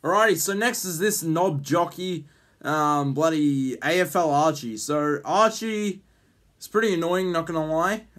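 A man's voice: a little high, measured pace, a bit bright. A man hosting a casual vlog, rambling with lots of ums and jokey teasing. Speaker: YouTube host.

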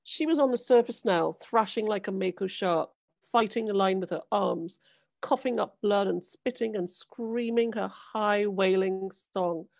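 A woman author giving a measured, dramatic reading of her own novel. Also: medium pitch, vocal fry, a little mellow, no echo. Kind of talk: literary reading.

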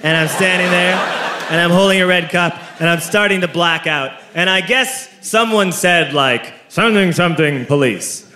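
A man in his thirties telling a stand-up story to a live audience, animated and shouting his punchlines. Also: high voice, normal speed. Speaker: stand-up comedian. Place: comedy venue with a live audience. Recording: echoey room, crowd laughter, background noise.

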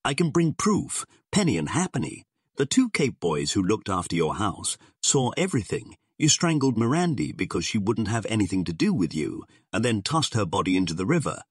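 A man's voice: fairly low pitch, sing-song, normal speed, slightly rough, dry recording, clean studio sound, voice pushed up. A man voicing a sardonic male gangster boss who drawls his threats in slang. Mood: menacing.

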